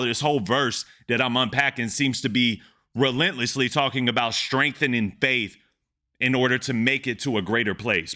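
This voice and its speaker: A man hosting a music reaction channel, excitedly repeating lines and breaking them down in casual commentary. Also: mid-range voice.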